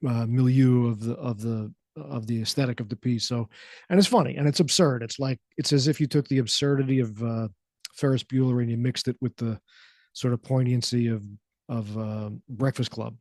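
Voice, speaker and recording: A man guesting on a radio interview, talking in a soothing, calm, easygoing way about his work. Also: medium pitch, moderate pace, dry recording, clean studio sound. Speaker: actor and filmmaker, guest. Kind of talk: casual interview. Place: radio studio.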